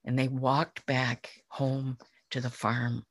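A woman Zen teacher telling a fable in a dharma talk, gentle and unhurried. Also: very deep voice, flat delivery, slightly rough, dry recording, studio quality.

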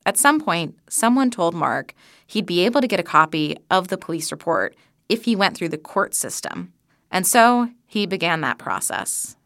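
A woman reporter telling the story in a measured, conversational way. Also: lowish voice, sing-song, a bit bright, no echo, studio quality. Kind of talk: reported narration.

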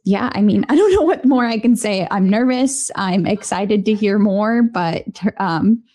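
A woman co-hosting a casual sports talk show, chatty and quick to laugh. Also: medium pitch, animated, mellow. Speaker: co-host.

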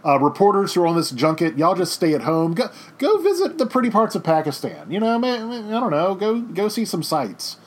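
A man voicing a statesman who fakes a stomach ache with exaggerated, whiny complaining, close to his own fairly high voice. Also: very animated, a little fast. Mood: fake-suffering.

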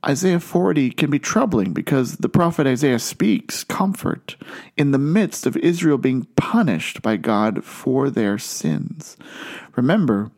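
A man preaching a sermon in an earnest way, slowing down and lifting his voice on key phrases. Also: mid-range voice, gravelly, darkish tone. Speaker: pastor.

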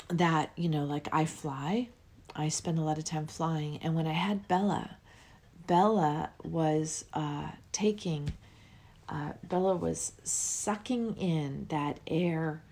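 A middle-aged woman hosting a spiritual podcast, musing dreamily and yawning as she talks. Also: sits low. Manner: dreamy, musing, with frequent yawns and soft trailing words. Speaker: podcast host.

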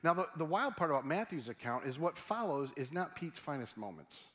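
A man's voice: on the high side, very animated, brisk, a bit bright. A middle-aged man preaching a sermon in a humorous, conversational way, often asking his audience questions. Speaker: pastor.

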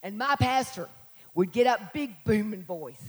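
A middle-aged woman pastor with a scratchy voice, preaching a sermon and breaking into shouted exhortations and sung lines. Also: medium pitch, expressive, measured pace. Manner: preaching with call-outs, shouting and singing.

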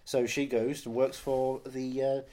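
A man's voice: mid-range voice, level tone, a little slow, dark tone. Man, podcast co-host, crude joking, casual film chat.

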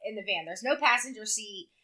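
A woman in casual chat, telling a lively story and laughing along the way. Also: medium pitch, a little fast.

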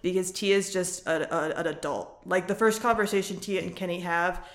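A woman's voice: fairly low pitch, fairly even intonation, moderate pace, reverberant. A woman co-hosting a casual podcast, recapping a reality show, talking frankly and swearing freely. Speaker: podcast co-host.

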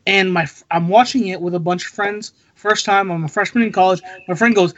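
A man's voice: sits high, fairly even intonation, brisk, few pauses, a bit bright, lo-fi sound. A man co-hosting a podcast, telling a laid-back anecdote in casual chat. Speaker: podcast co-host.

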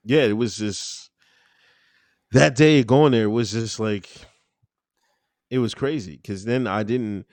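A man's voice: lowish voice, slow pace, pauses often, darkish tone, no room sound. A man talking casually as an interview guest, rambling with lots of fillers and easy laughs. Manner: laid-back, rambling, full of fillers and laughs.

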